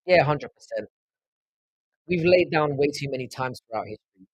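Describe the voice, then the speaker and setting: A man's voice: on the high side, expressive, normal speed, no room sound, poor audio. A man from London with a South London accent, hosting a casual live stream and trading rambling, profane banter with his chat. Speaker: livestream host.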